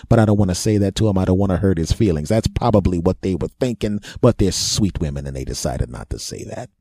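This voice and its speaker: A man's voice: deep voice, expressive, fast talker, hardly any pauses, mellow, breathy edge, no echo. Self-mocking man telling a comic story. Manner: self-mocking, chuckles at his own jokes; acts out others in a raised voice. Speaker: podcast host telling a story. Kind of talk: comedic storytelling monologue.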